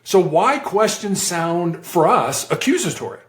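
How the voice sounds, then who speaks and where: A man's voice: high-pitched, measured pace, roomy sound. A man, a former hostage negotiator, telling stories in an interview and acting out the voices he quotes. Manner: animated, acts out quoted voices. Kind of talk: conversational interview storytelling.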